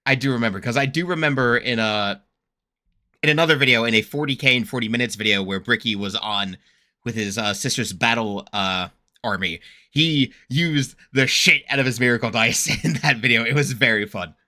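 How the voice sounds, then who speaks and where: A man hosting a casual reaction video, rambling with frequent laughs, fillers and excitable, mock-indignant rants. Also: mid-range voice, brisk. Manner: rambling, laughs often, heavy use of fillers.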